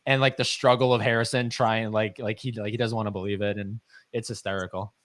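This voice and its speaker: A man's voice: lowish voice, flat delivery, brisk, fairly bright tone. A man co-hosting a live stream, chatting casually about movies, rambling through fillers and restarts. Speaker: podcast co-host.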